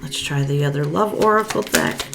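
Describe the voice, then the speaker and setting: A woman's voice: low voice, brisk, gravelly, music in the background. A woman giving a casual spoken tarot reading, chatty and thinking aloud, often laughing as she talks. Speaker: tarot card reader.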